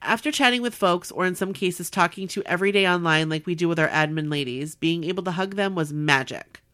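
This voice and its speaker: A woman podcast host in casual chat, reading a listener's letter aloud with animated warmth. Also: fairly low pitch, fairly quick. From Southern California. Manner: warm, animated reading with laughs.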